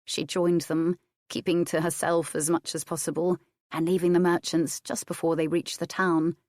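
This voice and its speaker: Low-voiced woman narrating a story. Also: flat delivery, moderate pace, darkish tone, no room sound, studio quality. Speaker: audiobook narrator. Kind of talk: scripted narration.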